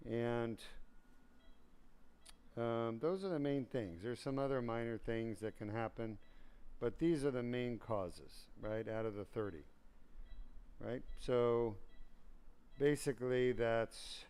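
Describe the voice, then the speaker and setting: A man's voice: medium pitch, a little mellow, clean tone. A man working as a surgeon, explaining a procedure in plain terms to viewers and speaking up to reassure his patient. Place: operating room.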